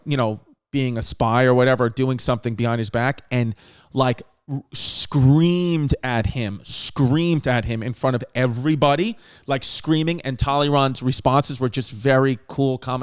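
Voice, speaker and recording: Man, comedy podcast host, from New York, smooth clear voice, mid pitch, rambling, foul-mouthed. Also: moderate pace. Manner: rambling, profane, animated storytelling. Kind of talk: casual comedic podcast rant.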